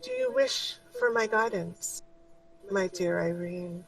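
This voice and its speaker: A woman voicing a mysterious feminine spirit that speaks gently and compassionately to a meditating character. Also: on the low side, expressive, measured pace, distant mic, a little hiss or hum, rough recording. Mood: gentle, soothing. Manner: soft, gentle, motherly.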